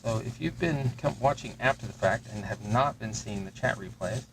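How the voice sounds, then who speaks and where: A man's voice: lowish voice, moderate pace, background noise. A man hosting a crafting livestream, casually narrating each step of his work as he thinks aloud at his workbench. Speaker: host of a terrain-crafting livestream.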